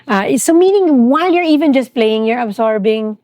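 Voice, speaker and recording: A middle-aged Filipino woman, a therapist talking in a relaxed podcast interview with a Filipino accent, animated and expressive. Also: fairly high pitch, normal speed, no room sound, clean studio sound. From Philippines. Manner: animated, switches between English and Tagalog. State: grieving. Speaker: trauma therapist guest.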